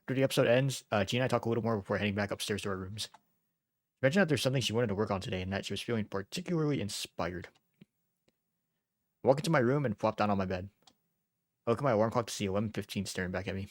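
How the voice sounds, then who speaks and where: A man's voice: fairly low pitch, very fast, long pauses, dry recording, studio quality. Young man reading a visual novel aloud. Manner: laughs often, reads narration plainly. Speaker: let's-player.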